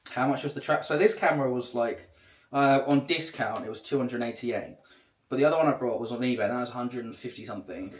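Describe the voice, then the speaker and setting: A man's voice: medium pitch, quick pace. A man chatting casually on a livestream, rambling and swearing a lot. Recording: echoey room.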